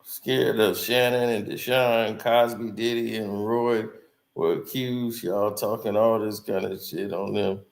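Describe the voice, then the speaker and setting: A man casually chatting with viewers on a live stream, relaxed and laughing often. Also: on the low side, unhurried, gravelly. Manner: laid-back, laughs often, talks to viewers directly. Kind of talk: casual chat. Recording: echoey room.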